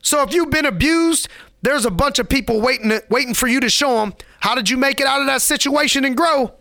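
A man's voice: very high voice, brisk, vocal fry, sharp tone, no echo, clean studio sound. A man giving a motivational podcast monologue, preachy and emphatic, repeating lines for effect in casual street slang.

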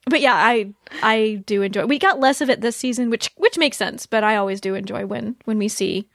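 A woman hosting a podcast, chatting casually about a TV episode, animated and laughing often. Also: brisk, gravelly, no echo, studio quality. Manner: animated, laughs often, quotes scenes in a lowered voice. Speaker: podcast host. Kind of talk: casual TV recap chat.

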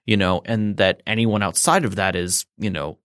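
A man's voice: low voice, steady tone, moderate pace, a bit bright, no echo, clean studio sound. A man explaining a tabletop game system in casual chat, rambling with fillers and restarts.

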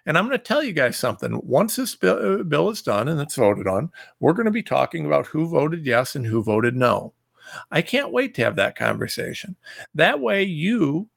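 Fiery ranting man with a gravelly voice. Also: fairly high pitch, no echo, studio quality. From Ohio. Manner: combative, ranting, repeats himself. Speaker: show host. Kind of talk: fiery political monologue.

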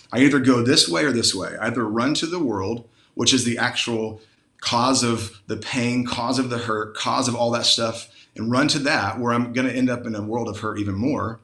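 A man shares a heartfelt personal testimony as a guest on a live panel, his voice sitting at an ordinary pitch. He speaks earnestly over a video call, and the sound carries a noticeable room echo. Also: bright, forceful tone. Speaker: guest panelist, Christian musician.

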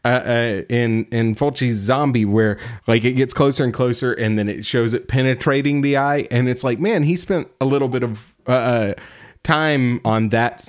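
A man's voice: mid-range voice, moderate pace. A man casually chatting about a film on a podcast, laughing often and rambling with fillers. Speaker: podcast host reviewing a film. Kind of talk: casual chat.

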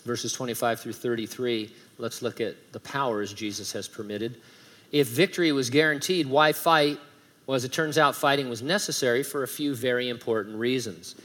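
His mid-range voice is fairly bright, with fairly even intonation and normal speed. The middle-aged pastor gives his sermon in a conversational way, adding light humor and emphasizing scripture as he reads it aloud.

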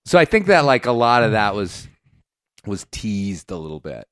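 A man hosting a podcast in casual chat, talking loosely with many fillers and quick laughs. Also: fairly low pitch, sing-song, a bit bright, no room sound, clean studio sound. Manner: chatty, laughing, quotes people in put-on voices. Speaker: podcast host.

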